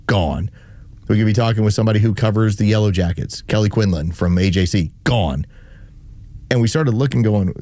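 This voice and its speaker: A man's voice: on the low side, dark tone, dry recording. A male morning radio host telling stories in casual chat from a studio microphone. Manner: storytelling, rambling with restarts.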